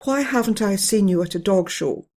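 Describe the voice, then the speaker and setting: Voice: mid-range voice, normal speed, a little mellow, natural voice. A storyteller voicing a haughty, pampered female Pekingese show dog who speaks sharply in a bedtime story.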